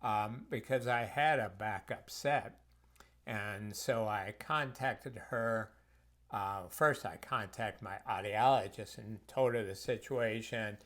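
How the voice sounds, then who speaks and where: A man's voice: lowish voice, a bit bright. A man who works as a health practitioner, telling reflective personal stories in a conversational way for a course video.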